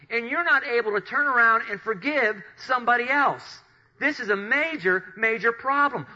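A man preaching with a high, very bright and forceful voice. He retells scripture as lively storytelling, slipping into the voices of the people in it. The recording sounds dull and lo-fi. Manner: animated storytelling, acting out Bible characters. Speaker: pastor. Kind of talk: sermon.

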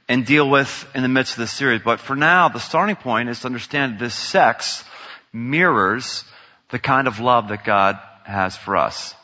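Preacher in a big echoing hall. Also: male voice, fairly high pitch. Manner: dramatic, swings from shouting to near whisper. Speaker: pastor. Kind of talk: sermon. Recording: dull sound in a large reverberant hall.

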